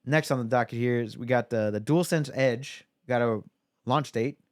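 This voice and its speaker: A man in casual podcast chat, his voice smooth and clear. He rambles with lots of fillers. The sound is dry and close to the mic. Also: medium pitch, moderate pace, dry recording. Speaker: podcast co-host.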